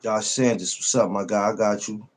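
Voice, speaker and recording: Husky, profane podcast host greeting chat. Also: male voice, lowish voice, fairly even intonation, normal speed. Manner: loose, profane, greets viewers by name, laughs often. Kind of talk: casual livestream chat.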